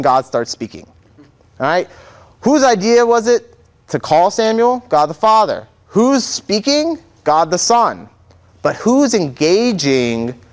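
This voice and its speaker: Young guy seminarian lecturing a church class, super expressive pitch, cracks jokes. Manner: joking, chatty, acts out quotes. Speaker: seminarian teaching an adult faith class.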